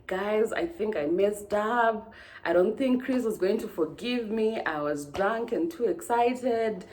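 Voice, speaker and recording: A woman voicing a tearful young woman friend who speaks softly and regretfully. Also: mid-range voice, slow pace, natural voice.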